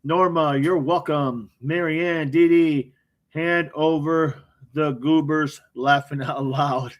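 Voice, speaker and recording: Male livestream host, fairly high voice, unhurried, reads chat names aloud and quips back. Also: fairly even intonation. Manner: reads viewer comments aloud by name, joking and quick responses. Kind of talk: casual live chat.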